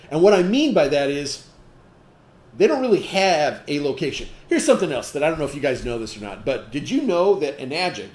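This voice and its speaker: A man's voice: fairly high pitch, darkish tone. Emphatic male trainer in an echoey room. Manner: emphatic, asks the audience rhetorical questions; checks in with frequent "okay?". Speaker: sales trainer. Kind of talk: training talk to distributors.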